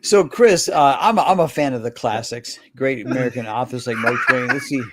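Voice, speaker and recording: A man hosting a podcast in casual comedic chat, animated, repeating words as he builds up and laughing often. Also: medium pitch, fairly quick, a little hiss or hum. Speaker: podcast host.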